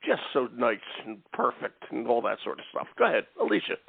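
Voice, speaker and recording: A man's voice: mid-range voice, sing-song, a little fast, gravelly, husky, dry recording. A man hosting a casual talk radio show, chatty and jokey, who keeps saying "okay". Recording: tinny, dry phone-like line.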